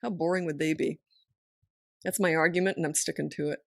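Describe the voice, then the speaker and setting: Woman podcast host, middle-aged, frank and lively, dry studio sound. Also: low-pitched, vocal fry, dry recording. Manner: frank, lively storytelling with quick asides. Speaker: parenting coach and podcast host. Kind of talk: casual podcast chat.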